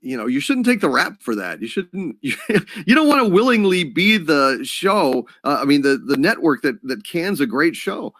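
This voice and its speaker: A man's voice: a little high, sing-song, normal speed, a bit bright, dry recording, clean studio sound. Blunt, profane male co-host. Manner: blunt and profane, with sudden laughs. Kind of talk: casual live stream chat.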